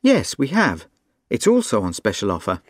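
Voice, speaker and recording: A man's voice: lowish voice, huge pitch swings, normal speed, no room sound, studio quality. A man acting as a polite, helpful shop assistant and reporter in a scripted textbook dialogue.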